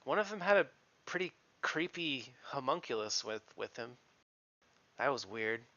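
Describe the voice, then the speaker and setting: A man voicing a hesitant young woman who keeps the stables, speaking in a halting, stammering, apologetic way. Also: medium pitch, expressive, bright, forceful tone, dull audio.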